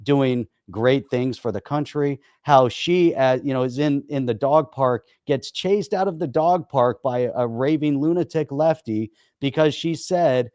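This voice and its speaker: A man's voice: medium pitch, measured pace, hardly any pauses, darkish tone, no room sound, clean studio sound. A man co-hosting a podcast, telling stories in a rambling, casual way with many fillers. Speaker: podcast co-host. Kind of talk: casual political chat.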